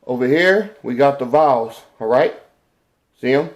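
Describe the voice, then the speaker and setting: Man, classroom lecture, unhurried delivery, mid-pitched voice, keeps checking in with listeners. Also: expressive. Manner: slow, repetitive, checks in with "all right?". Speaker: teacher.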